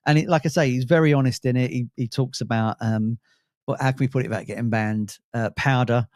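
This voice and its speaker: Fast-talking chatty man. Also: mid-range voice, fairly even intonation, a little mellow, no room sound, studio quality. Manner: chatty, rambling with fillers and restarts. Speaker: co-host. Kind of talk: casual chat.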